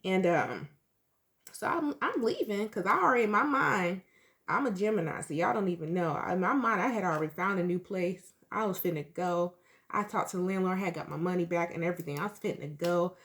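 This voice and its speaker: A woman's voice: lowish voice, lively intonation, a little fast, a bit bright. A woman in her thirties, a tarot reader talking straight to her viewers in a blunt, emphatic, profane way. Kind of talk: candid storytelling to viewers.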